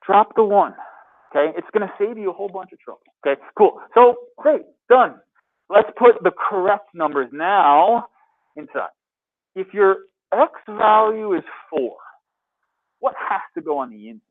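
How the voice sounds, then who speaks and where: A man with a fairly high voice teaches math to a classroom, upbeat and constantly quizzing his students. The sound is thin and tinny, like a phone line. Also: lively intonation, normal speed. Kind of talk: classroom lecture. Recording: tinny phone-like lecture capture.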